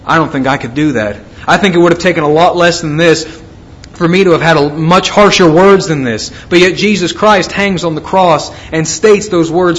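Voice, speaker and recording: A man's voice: high-pitched, moderate pace, slight background noise, poor audio. A man preaching a sermon, reading scripture and retelling it in an earnest, emphatic way.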